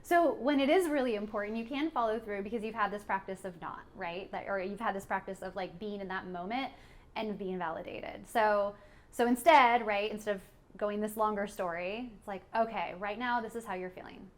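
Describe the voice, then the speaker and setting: A woman's voice: medium pitch, moderate pace. A woman co-hosting a parenting podcast, talking casually with many fillers and frequent laughs. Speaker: podcast co-host.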